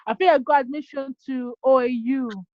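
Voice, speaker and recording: A young woman from Nigeria, a bit high-voiced, talks through a dull, muffled video call. She pauses often with ums and restarts her sentences as she answers. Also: fairly even intonation, dry recording. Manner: hesitant, many ums and restarts. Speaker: guest QA engineer. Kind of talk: casual online interview.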